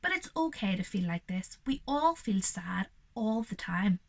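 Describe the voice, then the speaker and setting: A young woman reading a picture book aloud to young children and explaining it gently and reassuringly, as their teacher. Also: medium pitch, very animated, measured pace, gravelly.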